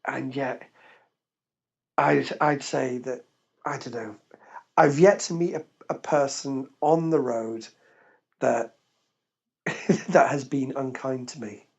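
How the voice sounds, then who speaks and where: Man with a husky, gravelly voice, animated storyteller, laughs often, dull lo-fi podcast recording. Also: medium pitch, slow, long pauses. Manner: animated, laughs often while telling stories. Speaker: guest. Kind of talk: casual interview storytelling.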